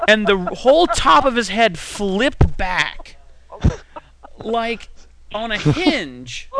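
A man from Texas, a podcast co-host, telling funny stories in lively casual chat and acting out voices. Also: high-pitched, very slow. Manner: animated storytelling with acted-out voices.

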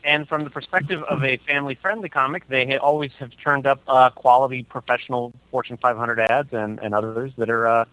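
A man's voice: medium pitch, fairly even intonation, a little fast, hardly any pauses, a bit bright, no room sound, poor audio. A man co-hosting a casual podcast chat, playful and given to hammy announcer bits. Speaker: podcast co-host.

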